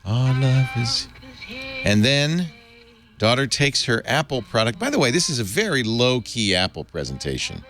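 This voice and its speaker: A man hosting a casual panel chat, telling a story in an animated way with laughs between points. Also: medium pitch, normal speed. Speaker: host.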